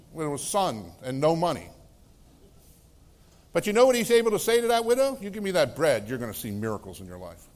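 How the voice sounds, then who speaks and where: A middle-aged man, a pastor, preaching a sermon in a conversational way, laughing between phrases and swinging from loud exclamations to hushed, soft tones. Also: high-pitched.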